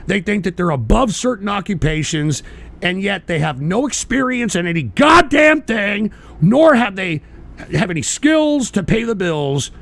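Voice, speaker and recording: A man hosting his own livestream radio show, ranting angrily with lots of swearing and sudden shouted bursts while answering chat. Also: high voice, sing-song, unhurried, creaky. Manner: profane, combative, shouting bursts. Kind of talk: angry ranting commentary, reading chat.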